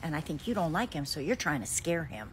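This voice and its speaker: A woman's voice: low voice, big pitch swings, fairly quick, slight background noise. A woman voicing a dry, sarcastic police officer in a comedy skit. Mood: deadpan.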